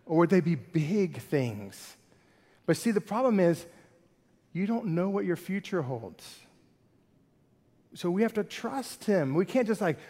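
A man preaching a sermon in a conversational, animated way, asking the congregation many questions. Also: on the high side, unhurried. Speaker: pastor. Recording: long hall reverb.

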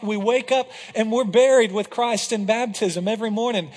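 High-voiced male pastor preaching in a reverberant hall. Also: moderate pace, hardly any pauses. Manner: passionate preaching, swings from loud to hushed. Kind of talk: sermon. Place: church hall.

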